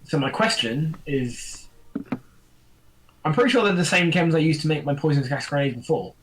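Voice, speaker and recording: A man's voice: on the high side, animated, normal speed, a bit bright, a little hiss or hum, rough recording. A man playing a tabletop role-playing game, giving his character a bad Russian accent and broken English. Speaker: player. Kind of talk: tabletop role-play banter.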